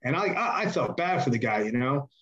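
A man telling backstage stories as a podcast guest, rambling and animated, loudly acting out the voices of the people he quotes. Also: mid-range voice, brisk, highs cut off, slight background noise. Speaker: podcast guest, former wrestler. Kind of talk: casual storytelling interview.

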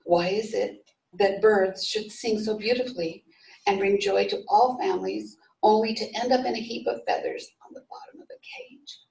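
A woman's voice: medium pitch, fairly even intonation, normal speed, gravelly, darkish tone, lightly acted. A woman reading the lines of an earnest, tender-hearted little boy in a story. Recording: echoey room, voice from far off.

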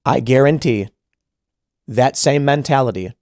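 A man's voice: mid-range voice, measured pace, darkish tone, no room sound. A man hosting a podcast, talking casually and animatedly, acting out imagined dialogue with many restarts, close to a studio mic. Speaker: podcast host.

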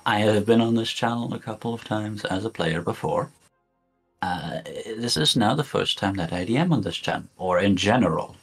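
Husky low-voiced man running a game. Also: animated, moderate pace, soft background music. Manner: laid-back, swears casually, laughs often. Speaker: game master. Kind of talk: casual chat introducing players.

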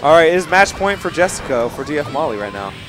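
A young man doing live, joking, profane commentary on a fighting-game match at a tournament, yelling at big plays. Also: fairly high pitch, big pitch swings, fast. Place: gaming tournament venue. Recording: live stream with crowd noise and music.

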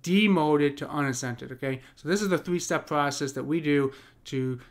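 A man teaching poetic meter in an unscripted explainer, pausing with many ums and restarts as he works through ideas. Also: a little high. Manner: taps out rhythms aloud as da-dum. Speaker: poetry teacher.

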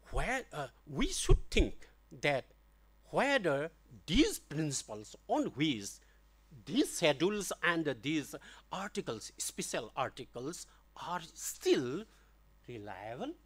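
A middle-aged man giving an academic lecture, deliberate and halting, with many fillers and restarts. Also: a little high. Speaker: guest lecturer. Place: lecture hall.

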